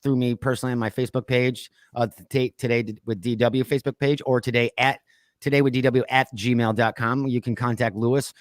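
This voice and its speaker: A man's voice: mid-range voice, fairly even intonation, brisk, dry recording, clean studio sound. A man hosting a podcast in easygoing casual chat, with many fillers. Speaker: podcast host.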